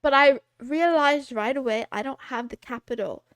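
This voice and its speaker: A woman in her twenties chatting on a livestream, rambling from thought to thought and poking fun at herself between giggles. Her voice sits high. The sound is close and dry, with no room around it. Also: normal speed, dry recording. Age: 20s. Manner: rambling, giggly, self-deprecating. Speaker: streamer. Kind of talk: casual livestream chat.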